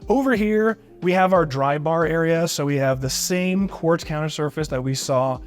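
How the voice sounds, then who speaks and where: An enthusiastic man walks through a large house, showing off each room in a bright, upbeat tour. His voice sits a touch higher than most men's. He keeps calling things neat and beautiful, and faint music plays behind him. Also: normal speed. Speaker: real estate agent giving a home tour. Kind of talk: walkthrough home tour vlog.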